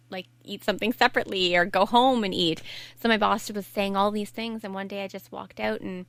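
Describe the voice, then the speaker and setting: A woman's voice: medium pitch, gravelly, fairly bright tone. A young adult woman, a podcast guest, earnestly telling her own story in candid conversation, often restarting her sentences. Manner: earnest, reflective, frequent restarts. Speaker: podcast guest, life coach.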